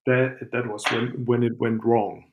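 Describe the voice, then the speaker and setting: Podcast guy, keeps restarting sentences, laughs all the time, average pitch. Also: little pitch movement, measured pace, phone-quality sound. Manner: stammering restarts, laughs often. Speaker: podcast co-host. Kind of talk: casual chat.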